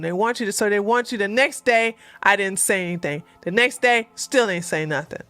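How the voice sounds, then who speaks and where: Blunt, bright high-voiced woman. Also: big pitch swings, normal speed, no room sound. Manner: blunt, emphatic, repeats points; plain-spoken, slangy. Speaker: relationship advice vlogger. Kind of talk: casual advice talk to viewers.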